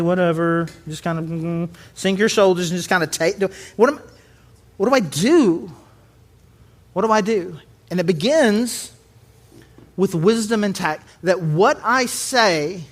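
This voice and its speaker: A man pastor preaching a conversational sermon, with lively asides and acted-out quotes. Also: sits high.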